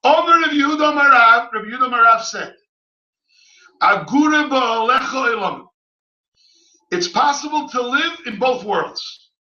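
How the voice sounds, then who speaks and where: A man giving an impassioned Torah lecture at a yeshiva, speaking yeshiva English full of Hebrew terms and rising to shouted pleas. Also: very high-pitched, animated, moderate pace, pauses often. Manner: swells from quiet teaching to crying, shouted pleas. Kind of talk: impassioned sermon. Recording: echoey hall, mic at a distance, dull sound.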